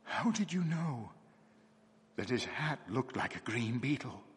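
A man's voice: mid-range voice, big pitch swings, a little slow, slight background noise. Man putting on a frightened guilty clergyman. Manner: strained and desperate. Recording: long hall reverb.

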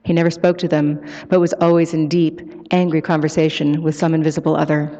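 A woman author giving a live, expressive book reading and taking questions in an event hall. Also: sits low, fairly quick. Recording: echoey hall, muffled live sound.

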